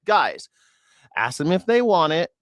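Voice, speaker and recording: This is a man hosting a reaction show, riffing in blunt, profane commentary. His voice sits somewhat high for a man. The sound is close and dry, with no room around it. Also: sing-song, a little slow, fairly bright tone, no echo. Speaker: news reaction host. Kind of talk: casual commentary.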